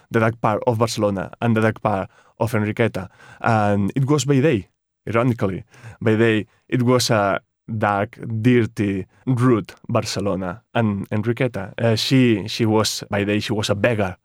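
A man's voice: mid-range voice, no echo, clean studio sound. An author being interviewed on radio about his book, a man who often repeats words as he searches for the right phrase. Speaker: author guest.

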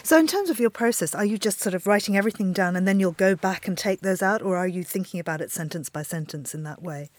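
A woman's voice: on the low side, no room sound. Curious woman interviewer, dry sound. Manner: curious, measured questioning. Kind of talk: interview questions.

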